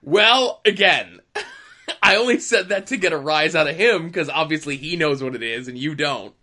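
A man's voice: a little high, normal speed. A man telling wrestling backstage stories in casual podcast chat, with sly asides. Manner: animated storyteller, sly asides.

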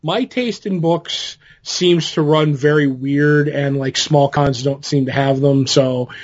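A man's voice: on the high side, fairly even intonation, slow pace, muffled recording. A man co-hosting a podcast in casual chat, rambling through stories with many fillers and restarts. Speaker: podcast co-host.

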